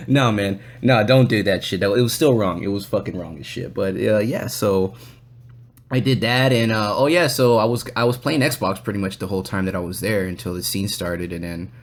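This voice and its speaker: A man hosts a casual podcast and tells a story in a loose, meandering way. His speech is full of swearing and fillers as he wanders through the tale. He often slips into quick impressions of other people's lines. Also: lowish voice. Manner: loose and rambling, swears a lot; acts out other people's lines in quoted voices. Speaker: podcast host.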